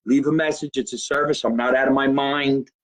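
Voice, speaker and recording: A man's voice: medium pitch, fairly even intonation, a little fast, low-quality recording. A male comedian, hosting his own live show from a home basement, rambling brashly, swearing and greeting viewers by name. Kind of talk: loose livestream chat to viewers.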